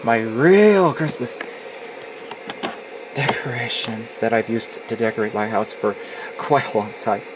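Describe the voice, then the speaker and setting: Holed up in a closet at home, a twentysomething man vlogs casually in a gloomy, nostalgic mood, complaining with frequent swearing. He speaks unhurriedly in a mid-range voice, pausing often, on a noisy home recording.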